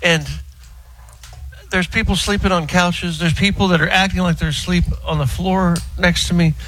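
Male regular, middle-aged, animated joking drawl, slightly high voice. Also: normal speed, a little hiss or hum, rough recording. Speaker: car show regular calling in. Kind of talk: casual radio chat by phone. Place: house with sleeping roommates.

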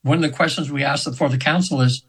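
Older guy in his 70s telling a long story on an interview show, earnest, keeps restarting, voice a bit high. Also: steady tone, fast, creaky, fairly bright tone, husky, poor audio. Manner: earnest, rambling, with many restarts. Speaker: guest, hypnotherapist.

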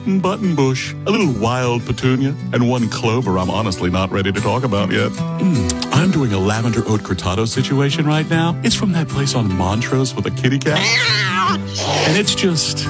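A dreamy, tender softie fussing over his pressed flowers, acted by a man in a comic parody ad. His voice swoops up and down in a lilting way, and the delivery is precious and fussy. Loud acoustic guitar plays under him throughout. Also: medium pitch, big pitch swings, moderate pace. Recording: loud guitar music behind. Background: acoustic guitar music.

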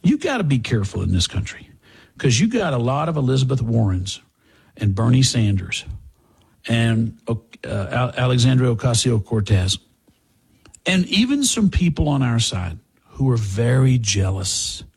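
A man's voice: medium pitch, big pitch swings, normal speed, vocal fry, darkish tone, breathy edge. An older man hosting a talk show, rambling through casual commentary with restarts and asides to a co-host.

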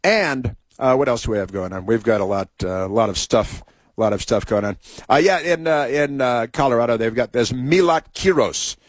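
A man's voice: medium pitch, lively intonation, normal speed, no room sound. A man hosts a talk show in a dry, close sound with no room around it. He tells a rambling story and keeps restarting sentences and drifting into asides. Later he turns to opinionated political commentary. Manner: meandering, full of restarts and asides.

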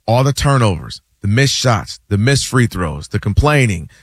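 A man hosting a casual sports talk show, animated and quick to act out what others say. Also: on the low side, dry recording, studio quality. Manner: animated, acts out quotes in other voices, repeats words.

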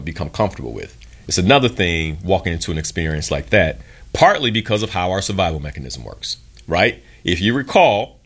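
A young adult man with a very low, deep voice hosts a motivational talk. He tells a story from his career with earnest emphasis and briefly voices the people in it. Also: a bit bright. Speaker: podcast host.

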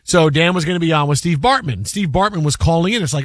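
A man's voice: fairly high pitch, fast talker, a bit bright, dry recording, clean studio sound. A man hosting a sports talk show, telling stories animatedly and acting out the people in them. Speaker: sports radio host.

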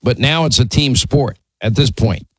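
A man's voice: medium pitch, normal speed, a bit bright, husky, no echo, low-quality recording. A man hosting a call-in talk radio show, speaking in a firm, plainspoken way and often repeating himself to make a point.

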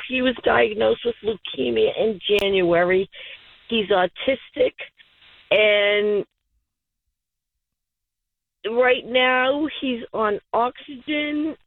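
A woman's voice: on the high side, vocal fry, slightly rough, dry recording. Tearful woman caller over a tinny phone line. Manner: halting, emotional. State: choked up, tearful. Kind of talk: call-in radio caller. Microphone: telephone.

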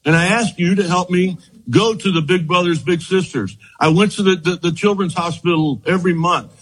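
An older man with a husky, slightly breathy voice that sits a little high for a man. He tells his stories with lots of energy, laughs often and keeps saying "as you know" to his host. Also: moderate pace, a bit bright, rough recording. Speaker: former baseball pitcher, guest. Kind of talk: reminiscing storytelling.

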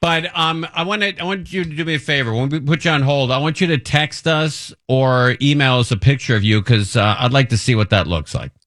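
A man hosting a live talk radio show, teasing guests and callers with quick joking asides. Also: mid-range voice, a bit bright, dry recording, clean studio sound.

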